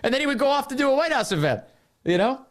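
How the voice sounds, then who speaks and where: A man's voice: very high voice, sing-song, fast talker. A man hosting a political talk podcast, speaking in a sarcastic, mocking way. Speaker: podcast and radio host. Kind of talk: political commentary.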